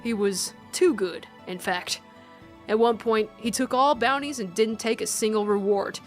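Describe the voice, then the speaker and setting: A woman voicing a calm young woman who tells a grim tale in a slow, measured way. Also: fairly high pitch, soft background music, lightly acted. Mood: storytelling. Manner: measured, slow storytelling read. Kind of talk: reading a visual novel aloud.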